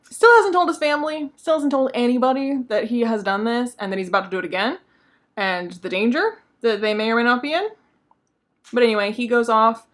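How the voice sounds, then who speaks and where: A woman book vlogger walks through a plot in a loose, conversational recap. She peppers her talk with fillers, in a voice of middling pitch. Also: fairly bright tone. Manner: chatty, many fillers like "like" and "um".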